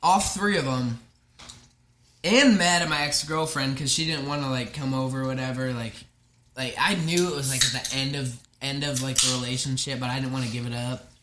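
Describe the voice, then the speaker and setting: A man's voice: mid-range voice, a little fast, roomy sound, background noise. A young man telling a rambling college story in casual chat, swearing a lot and laughing along with himself. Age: young adult. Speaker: podcast guest.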